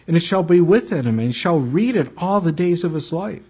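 A pastor preaching a conversational sermon, reading scripture and telling stories with frequent asides to the congregation. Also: male voice, a little high, expressive, fairly quick, a little mellow, breathy edge.

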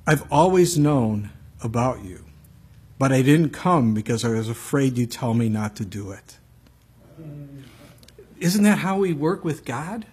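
A pastor preaching a conversational sermon, reading scripture and telling stories with frequent asides to the congregation. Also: male voice, mid-range voice, expressive, measured pace, pauses often, darkish tone, husky.

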